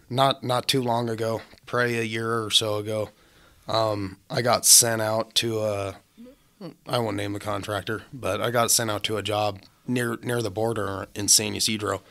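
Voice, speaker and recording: A man's voice: fairly low pitch, creaky, fairly bright tone. A young man, a welder, telling blunt, swear-heavy stories in casual podcast chat.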